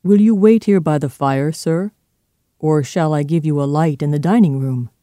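A man's voice: fairly high pitch, moderate pace, mellow, no echo, studio quality, lightly acted. A man reading aloud and voicing a stern male butler who speaks formally and respectfully.

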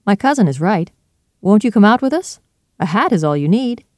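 A man's voice: high-pitched, sing-song, normal speed, no echo, studio quality, voice pushed up. A reader voicing a polite, agreeable younger man who speaks pleasantly in a storybook reading.

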